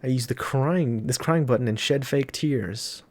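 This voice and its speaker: A man's voice: medium pitch, a little slow, close to an everyday voice. A man reading the lines of a clever, cocky young male trickster, explaining in a matter-of-fact way.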